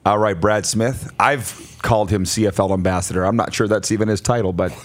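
A man hosting a morning sports radio show, brisk, upbeat and chatty. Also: lowish voice.

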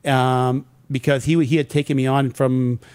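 A middle-aged man, a former pro hockey player, telling animated stories in an interview and acting out what people said. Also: medium pitch, moderate pace, clear, resonant tone, no room sound. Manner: animated anecdotes acting out quoted dialogue. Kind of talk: casual storytelling in an interview.

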